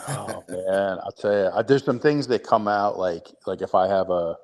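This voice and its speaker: A man co-hosting a sports talk show, giving lively, opinionated takes. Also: low-pitched, moderate pace. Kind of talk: casual chat.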